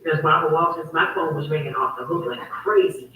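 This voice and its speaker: A woman's voice: sits low, steady tone, fast talker, phone-quality sound. Woman host, emphatic and repetitive monologue; distant mic, echoey room, faint noise. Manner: emphatic, repetitive, heated storytelling. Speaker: host of her own online talk show. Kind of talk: casual livestream monologue.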